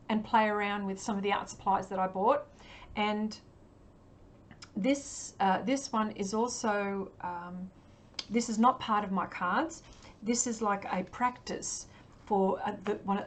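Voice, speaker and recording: An Australian woman chatting casually on a livestream as she paints, answering viewers with many ums and frequent laughs. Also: medium pitch. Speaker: livestream artist.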